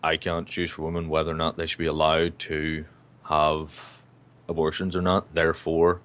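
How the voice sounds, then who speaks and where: Deep-voiced profane young man. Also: completely flat delivery, moderate pace, fairly bright tone, highs cut off. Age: young adult, 19. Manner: profane, ranting. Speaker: co-host. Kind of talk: casual online chat.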